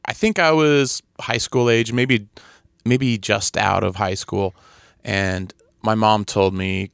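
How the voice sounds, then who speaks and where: A man's voice: fairly low pitch, fairly even intonation, slow pace, creaky, clear, resonant tone, dry recording, studio quality. A man telling stories in a casual chat, laughing often and acting out the people he quotes. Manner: storytelling, laughs often, acts out quoted voices.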